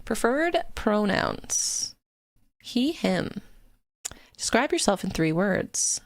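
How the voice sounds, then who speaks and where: This is a woman streamer on a casual live stream, giggly and quick to swear. Her voice has a gravelly, fried edge and is pitched in the middle range. The desk-mic sound is dry, with no room around it. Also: sing-song, dry recording. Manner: chatty, giggly, swears freely. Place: home streaming setup.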